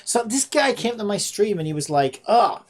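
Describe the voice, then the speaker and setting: A woman's mid-range voice swings widely in pitch at normal speed as she chats on a coding livestream while building a game. Fed up, she berates an AI chatbot with sarcastic swearing.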